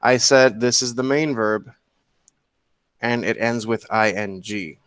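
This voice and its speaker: Male English teacher, online lecture over a computer mic, patient, explanatory, mid-pitched. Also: slow, a bit bright, smooth. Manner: patient, explanatory, keeps checking with "okay?". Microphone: computer mic on a video call.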